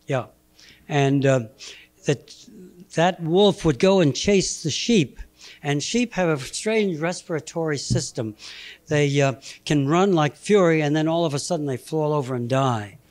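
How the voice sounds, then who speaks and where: A man in his eighties giving a halting, anecdotal slide talk, chuckling between memories. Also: fairly high pitch, darkish tone. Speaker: guest speaker presenting slides. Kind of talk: anecdotal lecture.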